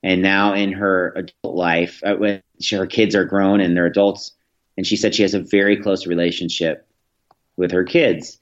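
Speaking at a normal speed with little pitch movement, a low-voiced man in his thirties recounts earnest stories during a podcast interview. Many of his sentences begin again, and the sound is dull and lo-fi.

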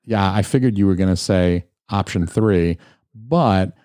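A young man from Atlanta hosts a podcast in loose, crude chat. His voice sits low and dark. The sound is dry and close. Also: measured pace, dry recording. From Atlanta, US South. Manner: laid-back, crude, joking. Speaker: podcast host.

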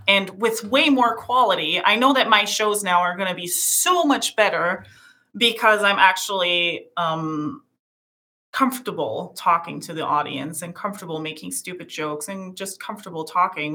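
A woman's voice: fairly low pitch, bright, forceful tone. A woman with a European accent whose first languages are Portuguese and German, chatting earnestly and self-deprecatingly as an interview guest, often restarting her sentences. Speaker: streamer and musician guest. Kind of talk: casual interview chat.

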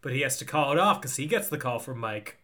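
A man's voice: mid-range voice, lively intonation, fast, pushed and bright. A young man co-hosting a podcast, chatting casually and rambling through a film recap. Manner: rambling, trails off with ums. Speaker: podcast co-host.

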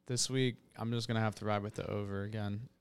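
Smooth-voiced male co-host. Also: fairly low pitch, steady tone, fast talker. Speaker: podcast co-host. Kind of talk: casual sports betting chat.

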